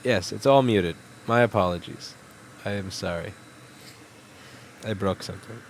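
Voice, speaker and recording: A man's voice: on the low side, measured pace, a little hiss or hum. A man casually chatting on a live stream while working at a repair bench, rambling and self-deprecating, swearing now and then. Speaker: livestreaming repair technician.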